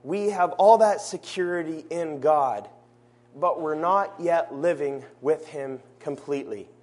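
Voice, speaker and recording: Earnest preacher, a man with a higher voice. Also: a little mellow. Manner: earnest, slows down to stress key phrases. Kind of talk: sermon.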